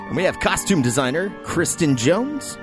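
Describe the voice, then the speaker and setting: This is a man hosting a movie podcast, with a fairly high voice that swings up and down a lot. He banters and jokes his way through the chat, with music running faintly behind him. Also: moderate pace. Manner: animated, joking banter. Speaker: podcast host, film editor.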